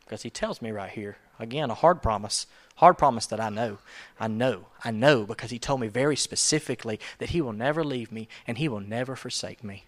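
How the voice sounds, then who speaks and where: A man preaching a sermon in a conversational, emphatic way, swinging from soft asides to loud urgency. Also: mid-range voice, fairly quick. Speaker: pastor.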